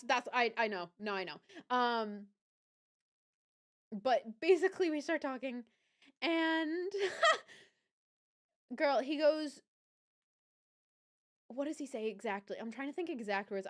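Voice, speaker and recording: Animated young woman telling a story. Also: a little high. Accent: Southern US. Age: young adult. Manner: chatty, animated, self-correcting, laughs often. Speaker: livestream host. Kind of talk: casual storytelling to chat.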